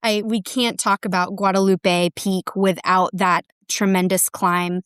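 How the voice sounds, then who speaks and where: A woman's voice: medium pitch, flat delivery, measured pace, a bit bright, smooth, no room sound, clean studio sound. A woman speaking as a park ranger guest on a podcast, telling stories in an earnest, enthusiastic way. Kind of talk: casual chat.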